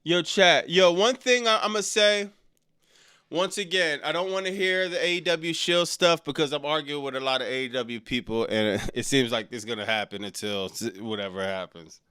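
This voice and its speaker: A man with a high, bright voice rants to his stream chat in loose slang. He sounds exasperated and mocking. His sound is smooth and clear. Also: moderate pace. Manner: exasperated, slangy, mocks lines in exaggerated voices. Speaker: wrestling commentary streamer. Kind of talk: casual reaction stream.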